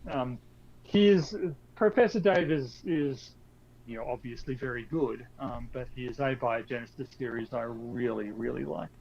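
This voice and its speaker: A man co-hosting a casual podcast chat, talking in a halting way with many fillers and restarts. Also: medium pitch, gravelly, darkish tone. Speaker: podcast co-host. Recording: dull lo-fi audio with faint noise.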